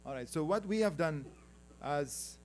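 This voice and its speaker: Soft music plays behind a man from Afghanistan whose slightly high voice has lively intonation and an unhurried pace. Speaking with an Afghan accent on a conference panel, he presents slides casually, teases the audience with jokes, and calls for the next slide.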